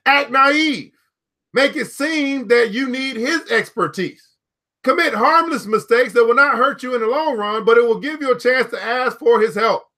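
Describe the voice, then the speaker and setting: High-voiced, bright-toned man hosting a book club. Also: moderate pace. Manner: emphatic and playful, repeating key phrases. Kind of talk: reading aloud and riffing to a live audience.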